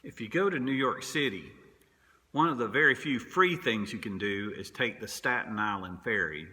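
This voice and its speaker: A man who is a minister, preaching a sermon in a slow, measured way with long pauses. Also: lowish voice, expressive, sharp tone. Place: church sanctuary.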